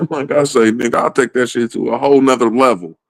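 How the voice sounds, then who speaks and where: A man's voice: mid-range voice, steady tone, fairly quick, dry recording. A man in a casual comedic rant, swearing freely and laughing often in the middle of his sentences. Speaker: comedic ranter.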